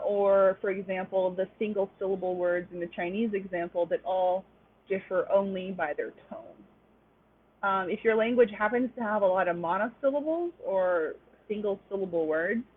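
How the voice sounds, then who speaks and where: A woman's voice: medium pitch, slightly rough. A woman presenting an online linguistics lecture, explaining step by step and checking in with "right?". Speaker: webinar presenter. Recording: tinny phone-like webinar audio.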